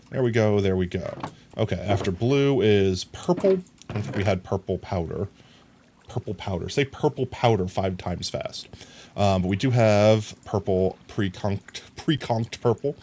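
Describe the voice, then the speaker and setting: Low-voiced man streaming, chatty and playful. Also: slight background noise. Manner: chatty, talks to chat, sings silly sound effects. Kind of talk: casual live game commentary.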